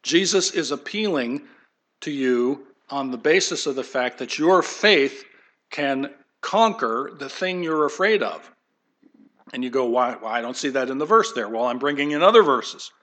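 A pastor preaching a conversational sermon, animated and folksy, acting out the voices he quotes. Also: mid-range voice, moderate pace.

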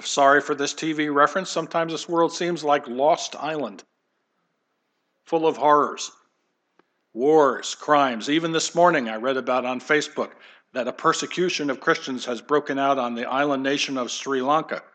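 Male pastor, sermon, fairly high bright voice, conversational with humorous asides.

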